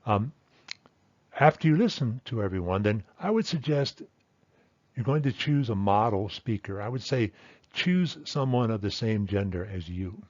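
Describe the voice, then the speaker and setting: A man's voice: on the low side, expressive, normal speed, a little mellow, dry recording, highs cut off. A man teaching a language lesson and explaining at a thoughtful pace, with fillers and self-corrections.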